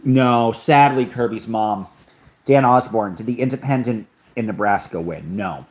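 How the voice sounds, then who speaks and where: Speaking in a lowish, slightly mellow voice, this young livestream host takes his time as he reads through chat. His tone stays casual, and he tosses out offhand sarcastic reactions to what viewers write.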